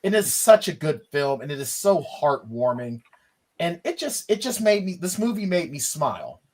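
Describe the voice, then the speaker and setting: A man's voice: a little high, sing-song, normal speed, a little mellow. A man co-hosting a podcast, chatting enthusiastically about films and rambling a little with fillers. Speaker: podcast co-host. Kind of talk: casual film review chat.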